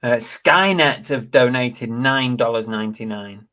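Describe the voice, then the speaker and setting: A man with a mid-pitched voice hosts a casual live stream. He reads out comments and donations, slipping in dry jokes along the way. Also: normal speed, a bit bright. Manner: dry, joking asides while reading donations. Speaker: host of a live reselling chat.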